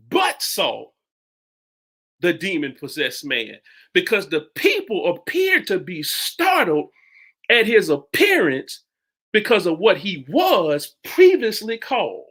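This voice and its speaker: A male preacher delivers a sermon as a story, stopping and restarting his phrases. His voice is bright and ringing. His pitch rises and falls widely as he goes. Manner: halting, with many restarts and sudden pitch jumps.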